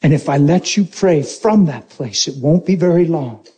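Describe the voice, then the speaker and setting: A preacher gives voice to God, a calm and fatherly male presence. He speaks softly and slowly, with gentle authority. The voice sits in a high register. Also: husky. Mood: gentle firm.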